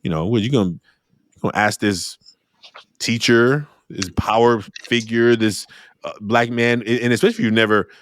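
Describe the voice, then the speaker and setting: A middle-aged man hosting an interview podcast, talking in a lively storytelling way. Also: normal speed, no echo, studio quality. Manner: animated storyteller, jumps high when acting out exchanges. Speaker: podcast host. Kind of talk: conversational interview.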